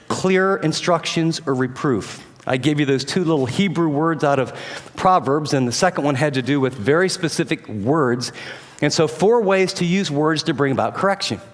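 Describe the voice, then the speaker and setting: A middle-aged man preaching a sermon in a conversational, animated way, acting out everyday scenes. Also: a little high, moderate pace, in a large hall. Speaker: pastor.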